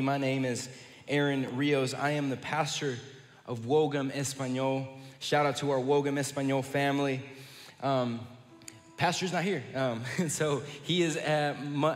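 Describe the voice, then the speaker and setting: A man with a Southern American accent preaching a sermon as pastor, often repeating words as he restarts his sentences. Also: medium pitch. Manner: repeats words and restarts, warm church greetings. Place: large church sanctuary. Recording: long hall reverb.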